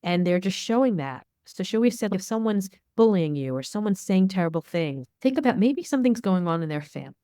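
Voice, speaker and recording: A woman's voice: medium pitch, expressive, brisk, hardly any pauses, warm tone, no echo, studio quality. A middle-aged woman, a media expert guest, answering interview questions in a candid, storytelling way. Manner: candid, storytelling, acts out dialogue.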